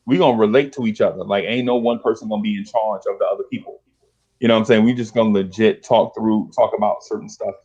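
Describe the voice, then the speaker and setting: A middle-aged podcast host chats casually, spinning street stories packed with slang and acting out the voices of his old friends in an animated way. His voice is fairly low, quick and husky, and the recording sounds muffled.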